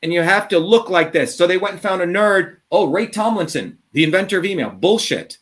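A man ranting combatively in an interview, profane and heated, swinging between fast bursts and drawn-out words. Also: high-pitched, lively intonation. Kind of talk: impassioned interview talk.

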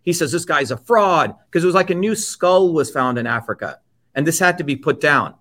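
50s guy from india, interview guest, swears a lot, pushy and emphatic, voice a bit on the high side. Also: lively intonation, fairly quick, a bit bright. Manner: emphatic, blunt and profane. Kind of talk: impassioned personal storytelling.

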